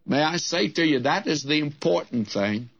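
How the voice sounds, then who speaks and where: An older man preaching a sermon in a slow, deliberate way, lifting his voice when he reads scripture. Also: a little high, animated, fairly bright tone. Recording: dull lo-fi old sermon recording.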